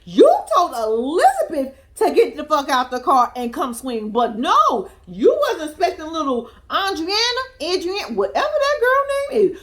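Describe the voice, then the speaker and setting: A woman's voice: sits high, a little slow, few pauses. A young woman giving casual, profane, laughing commentary as she recaps a reality TV episode. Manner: animated, profane, laughing storyteller. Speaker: reality TV reaction vlogger.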